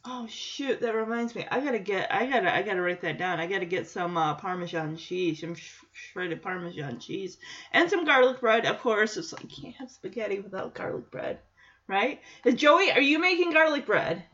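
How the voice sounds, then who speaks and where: A woman's voice: medium pitch, expressive, moderate pace, a bit bright. A woman chatting casually as a podcast host, rambling and thinking aloud with lots of restarts. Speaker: podcast host recapping a sitcom episode. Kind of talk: casual chat. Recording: dull lo-fi recording.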